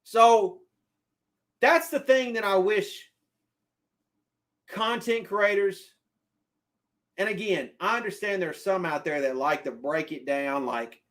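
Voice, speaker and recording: High-voiced man arguing sports on a stream. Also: slow pace, long pauses, a bit bright. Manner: emphatic, repeats himself, argues with chat. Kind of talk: live-stream football commentary.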